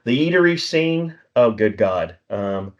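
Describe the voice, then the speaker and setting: A man's voice: medium pitch, very animated, measured pace. A middle-aged man co-hosting a podcast in casual chat, a rambling storyteller who chuckles often and acts out bits of dialogue. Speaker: podcast co-host. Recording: slightly dull lo-fi recording.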